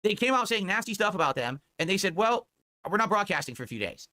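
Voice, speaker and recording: Man, stream rant, mocking, profane, fast talker, sharp bright tone. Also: sits high, very animated. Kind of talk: ranting stream commentary.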